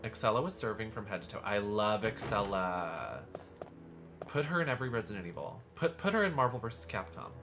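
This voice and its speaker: A man's voice: fairly low pitch, big pitch swings, brisk. A man streaming a horror game live, chatting in a gushing, campy way as he plays. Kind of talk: live gameplay commentary. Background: game music.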